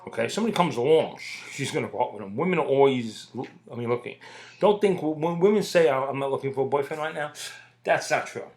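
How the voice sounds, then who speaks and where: A middle-aged man holds forth in a loose, swearing rant. His voice sits at an ordinary pitch for a man. He talks bluntly and circles back to the same lines for emphasis. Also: animated, fast, a little mellow. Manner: blunt, profane, emphatic, repeats points. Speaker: podcast host. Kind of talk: casual ranting monologue.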